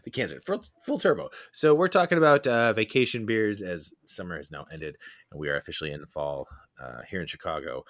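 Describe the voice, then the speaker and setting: A man's voice: low voice, fairly quick, a bit bright, no room sound. A man hosting a casual podcast chat about beer, laughing often and talking with plenty of fillers and restarts. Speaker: podcast host. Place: Chicago area.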